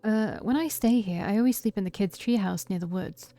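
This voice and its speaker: A woman voicing a troubled young man who confesses a past killing, read in a quiet, heavy tone with a gravelly edge. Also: medium pitch, brisk, soft background music, close to an everyday voice. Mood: subdued.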